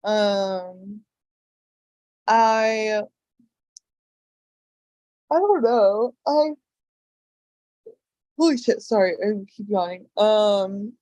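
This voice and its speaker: A woman's voice: mid-range voice, a little mellow, no echo. A young woman, a game contestant, talking in a hesitant confessional with many fillers. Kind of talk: casual confessional interview.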